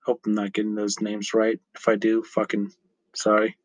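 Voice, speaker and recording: A man hosting his own podcast in a casual, rambling solo chat, correcting himself often and filling pauses with ums and uhs. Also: fairly low pitch, monotone, no room sound, dull audio. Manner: rambling, chatty, self-correcting with frequent fillers. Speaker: podcast host.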